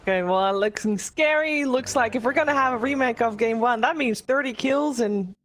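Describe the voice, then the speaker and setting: A woman's voice: a little high, a bit bright. A woman hosting an esports broadcast desk, asking for predictions and handing over to the casters. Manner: brisk, hands off to casters.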